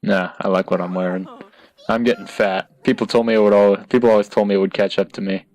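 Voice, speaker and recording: Young man, lowish voice, casual gameplay commentary, jokey, mock-dramatic narration. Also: fairly even intonation, fast talker, a little mellow. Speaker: gaming YouTuber. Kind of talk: casual Let's Play commentary.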